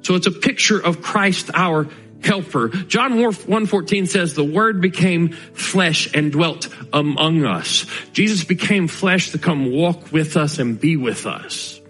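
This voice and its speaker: Male pastor, earnest sermon voice, a touch high, faint music bed. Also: a bit bright, slightly rough, low-quality recording. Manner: earnest preaching, slowing to stress key lines.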